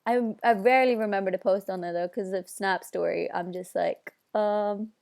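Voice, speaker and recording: A woman's voice: medium pitch, fairly even intonation, normal speed, gravelly, a little mellow. A young woman with a Northern Irish accent chatting casually on a live stream, bubbly and reading out viewer comments. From Northern Ireland. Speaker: singer hosting a live stream.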